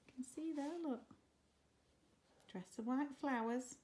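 A woman teacher reading a picture book aloud for story time, expressive and stopping to ask the children questions. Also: high voice, slow pace.

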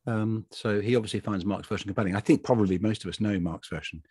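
A man's voice: fairly low pitch, fast talker, darkish tone, slightly rough, no echo, clean studio sound. A man co-hosting a casual talk on a Bible passage, thinking aloud with restarts and little laughs. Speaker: podcast co-host.

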